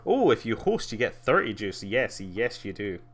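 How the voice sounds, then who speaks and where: A man's voice: fairly low pitch, very animated, moderate pace. A young man streaming live, rambling casually with lots of fillers and frequent laughs.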